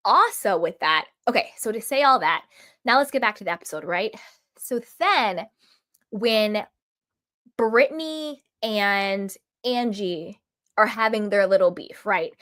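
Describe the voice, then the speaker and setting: A woman giving an emphatic, opinionated recap of a reality show episode in a casual vlog, full of quick asides. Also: mid-range voice, animated, a bit bright. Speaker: reality TV reviewer.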